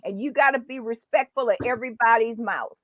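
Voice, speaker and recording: A woman's voice: fairly high pitch, brisk, fairly bright tone, no room sound. A woman in casual talk-show chat, speaking emphatically and laughing along. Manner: emphatic, agreeing, laughs often. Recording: dull lo-fi sound.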